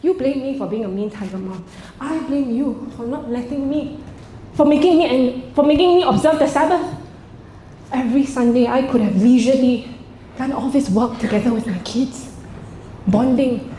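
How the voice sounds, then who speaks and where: A woman doing a stand-up comedy set on stage before a live audience, theatrical in her delivery and prone to sudden high, loud outbursts. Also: moderate pace, slight background noise. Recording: roomy stage sound, faint ambience.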